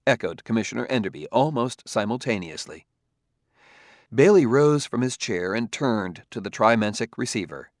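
A man reading an audiobook in steady, scripted narration. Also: on the low side, measured pace, gravelly, no room sound, clean studio sound.

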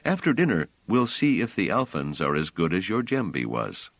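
A man reading an audiobook, voicing a gentle, protective young woman who talks softly and reassuringly. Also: low voice, huge pitch swings, normal speed, no echo, highs cut off, exaggerated voice. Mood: soothing.

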